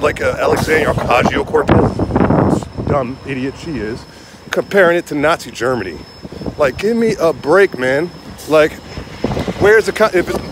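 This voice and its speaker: A young man speaks fast, heated and rambling, often circling back to the same point. He is outdoors, with faint wind noise in the background. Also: mid-range voice. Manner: heated, rambling, repeats himself, says "man" a lot. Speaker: show host. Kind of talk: outdoor political rant to viewers. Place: outdoors on a windy day.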